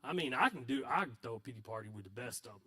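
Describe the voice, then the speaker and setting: A man's voice: medium pitch, lively intonation, rapid-fire, pushed and bright. A male pastor preaching a sermon in a conversational, self-deprecating storytelling manner.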